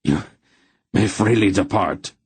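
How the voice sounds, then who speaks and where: A man's voice: on the low side, takes it slowly, darkish tone, breathy edge, no room sound, exaggerated voice. A man voicing an injured, defeated baron who speaks strained through clenched teeth. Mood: pained.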